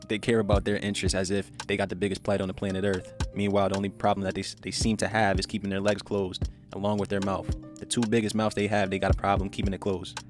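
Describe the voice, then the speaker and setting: Deep, flat-voiced man ranting bluntly. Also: quick pace, hardly any pauses, music in the background. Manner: blunt, crude and scornful. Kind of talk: ranting social commentary.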